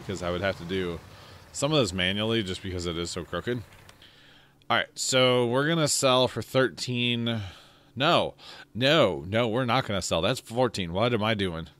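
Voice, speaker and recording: A man with a low voice talks through his farming game in a loose, rambling way, poking fun at his own slips. He sounds drowsy after a big lunch, and a faint hum of game machinery runs underneath. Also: expressive, fairly quick, fairly bright tone. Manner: rambling, self-mocking, yawning. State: sleepy. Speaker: let's play host. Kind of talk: casual gameplay commentary.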